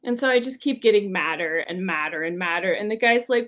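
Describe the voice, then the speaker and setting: A young adult woman, a personality coach, leads a workshop lesson in a medium-pitched, fairly bright, animated voice, talking briskly with hardly any pauses. She teaches through casual, chatty storytelling, constantly using "like" and "um".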